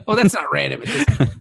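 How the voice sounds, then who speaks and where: A man's voice: sits high, vocal fry. A man hosting a podcast, chatting crudely and laughing often with his co-hosts. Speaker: podcast host. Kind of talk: casual chat.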